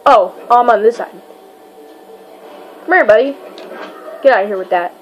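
A woman giving goofy, excitable commentary while playing a fighting game, yelping and crying out during the fights. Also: a little high, moderate pace, long pauses, slight background noise, rough recording. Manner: goofy, self-mocking. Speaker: gamer. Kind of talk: let's play commentary.

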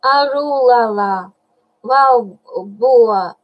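A woman's voice: mid-range voice, fairly even intonation, takes it slowly, lo-fi sound, lightly acted. Woman reading as Baloo, a despairing old bear. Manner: dramatic, wailing lament. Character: worried old male bear teacher, lamenting. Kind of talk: audiobook reading.

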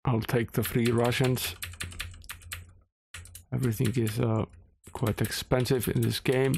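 A man's voice: medium pitch, flat delivery, measured pace, vocal fry, long pauses, no room sound, clean studio sound. A man streaming a computer game, reading its story text aloud with wry, understated comments.

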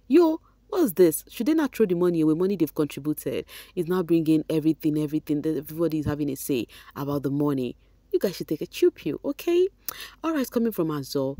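A woman's voice: sits low, warm tone, no echo. Chatty woman vlogger. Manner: chatty, reads comments aloud, sprinkles Nigerian Pidgin. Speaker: vlogger reading fan comments. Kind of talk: casual commentary.

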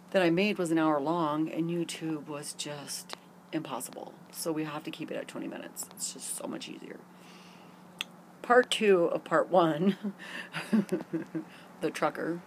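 A woman's voice: low voice, fairly even intonation, takes it slowly, long pauses, a little hiss or hum. A middle-aged woman telling a long personal story to camera in a rambling, candid way with many fillers, recorded outdoors in a garden. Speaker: vlogger.

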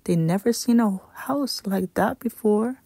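A woman reading a children's picture book aloud in a gentle, unhurried storytime voice. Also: medium pitch, slightly rough, no echo.

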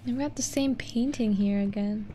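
A woman's voice: fairly high pitch, moderate pace, warm tone, a little hiss or hum. A woman streaming a game, joking and rambling casually over the gameplay.

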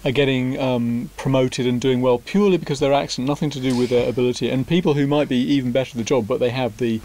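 A man's voice: medium pitch, steady tone, quick pace, a little mellow, a little hiss or hum. Chatty man prompting a conversation. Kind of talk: unscripted conversation.

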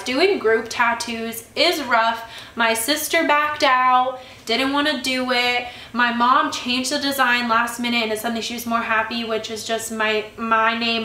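A woman's voice: a little high, pushed and bright. A young woman vlogger telling a story in a casual, chatty way that turns into an annoyed rant. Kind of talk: casual chat vlog. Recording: echoey room.

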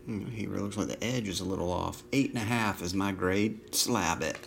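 A man giving casual running commentary while opening trading card packs, listing names in a flat run with dry asides. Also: low voice, normal speed, gravelly. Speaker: trading card box breaker.

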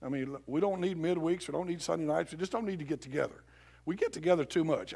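A male pastor preaching a sermon in a church, dropping to a hush for scripture and rising to shouts. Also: on the high side, fast, creaky. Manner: swings from hushed scripture reading to loud shouted exhortation. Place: church sanctuary.

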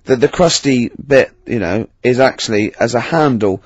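A man's voice: medium pitch, normal speed, slightly rough, no room sound, highs cut off. A man co-hosting a comedy radio chat, laughing and teasing. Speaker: radio co-host.

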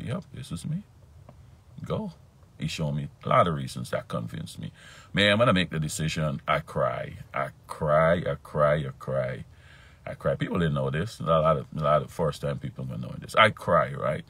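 Low husky male preacher. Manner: animated, repetitive, frequent "right?" tags, pitch leaps when emphatic. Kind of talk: sermon with personal testimony.

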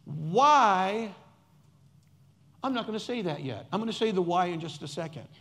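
Man, pastor, high voice, emphatic sermon delivery, repeats words for stress. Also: expressive, moderate pace, fairly bright tone.

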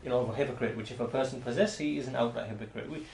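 A man giving an explanatory lecture on hadith as a religious teacher, talking in a halting way with frequent restarts and repeated words. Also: mid-range voice, gravelly, darkish tone, a little hiss or hum. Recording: roomy echo.

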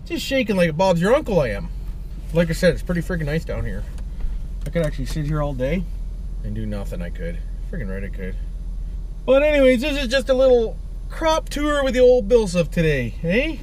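A folksy man narrates a drive on his handheld camera, his voice sitting a little high and swinging up and down all the time. He rambles in a cheerful way and tags his lines with "eh" and "boys". Loud car and street noise runs under everything. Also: wildly swooping pitch, fairly quick. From Canada. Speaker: vlogger. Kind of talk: casual driving vlog. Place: in a car, driving outdoors. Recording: noisy car and street sound. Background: car and outdoor noise.

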